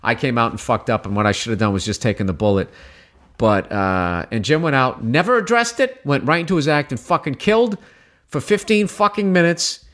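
A man, a comedian guest, telling a story in casual chat, profane and animated, acting out shouted quotes. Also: mid-range voice, fairly quick.

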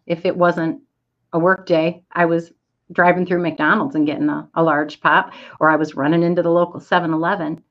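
Middle-aged woman, low-ish voice, candid storyteller, dull lo-fi audio. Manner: candid, self-deprecating storyteller. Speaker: speaker to an online audience. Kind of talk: inspirational storytelling talk.

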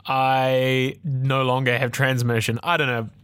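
A man co-hosting a casual tech podcast, talking in an animated, ranty way with swearing and laughter. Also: medium pitch, a little slow, smooth, no echo. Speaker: podcast co-host.

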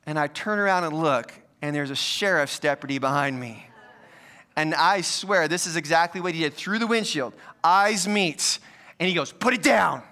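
Male pastor, clear smooth voice, self-deprecating storyteller in the pulpit. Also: on the high side, normal speed, pushed and bright. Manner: storytelling, self-mocking humor. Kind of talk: sermon with personal story.

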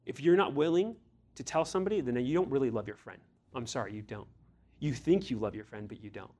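Quick and a little mellow, a man with a mid-range voice preaches to his youth group as their pastor. Earnest and direct, he challenges them with blunt questions and at times acts out voices from scripture.

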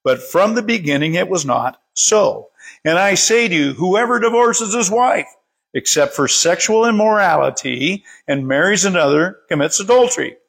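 Bible study leader, male, raspy voice; plain, unhurried scripture reading with small slips. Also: high-pitched, lively intonation, a bit bright. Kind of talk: leading prayer and reading scripture aloud.

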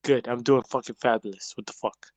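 A man's voice: medium pitch, fairly even intonation, brisk, darkish tone, no echo. A man with a British accent hosting a call-in live stream, swearing and joking in rowdy banter. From England. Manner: profane, joking, mock-aggressive.

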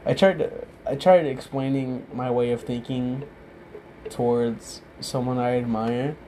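A drunk young man talking in a casual, rambling monologue, halting often, losing his thread and swearing freely. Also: mid-range voice, fairly even intonation, warm tone, a little hiss or hum.

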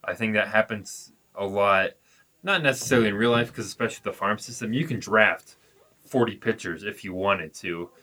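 A man with a fairly low yet bright, forward voice chats about sports on a podcast. He rambles easily, with fillers, in relaxed conversation. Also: moderate pace. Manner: easygoing, rambling, with fillers and laughs. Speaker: podcast co-host. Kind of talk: casual sports chat.

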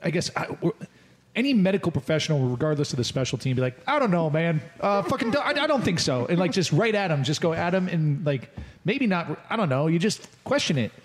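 A man hosting a casual podcast, energetic and loud, tossing questions to guests. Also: on the high side, fast, long reverb tail. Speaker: podcast host.

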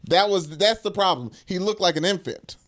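A man co-hosting a sports podcast in casual talk, with quick, playful back-and-forth banter and easy laughs. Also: sits high, expressive, a bit bright.

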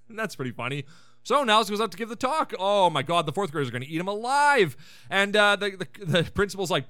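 A man's voice: sits high, sing-song, quick pace, pushed and bright, no room sound. A man hosting a podcast, recapping an episode in a casual, irreverent way and swearing freely. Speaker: podcast host.

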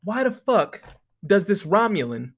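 A man's voice: high voice, sing-song, a little slow. A young man talking casually to the camera in a rambling, profane monologue, often laughing. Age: young adult. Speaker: vlogger.

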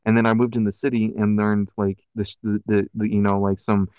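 A man's voice: lowish voice, level tone, a little fast, smooth, no room sound, highs cut off. A man with a country twang mixed with city slang, chatting casually as a podcast co-host and rambling through many fillers and restarts. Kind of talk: casual chat.

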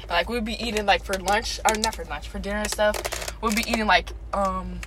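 Among friends on a podcast, a young female co-host tells stories in a rambling, filler-heavy way. She speaks briskly in a medium pitch with fairly even intonation, over some background noise.

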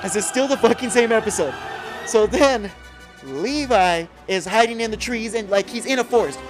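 A man on a podcast excitedly recapping an anime episode, swearing a lot and acting out characters' lines in a lower voice. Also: moderate pace, over music. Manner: profane, acts out character lines in a low voice. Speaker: podcast co-host.

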